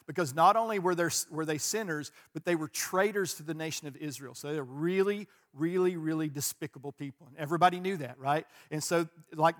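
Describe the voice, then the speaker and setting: A man's voice: a little high, fairly bright tone. A male pastor preaching a sermon in a conversational way, with joking asides to the congregation.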